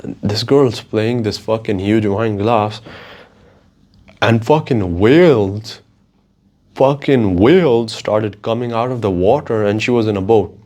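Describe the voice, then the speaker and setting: A podcast host delivers a casual solo monologue in a fairly low, slightly slow voice. His storytelling is animated, rambling, and profane.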